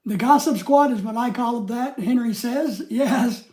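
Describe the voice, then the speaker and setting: A man's voice: extremely high pitch, unhurried, warm tone, slight background noise. An older man hosting a casual livestream, rambling as he reads viewers' comments aloud and greets them by name. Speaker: livestream host.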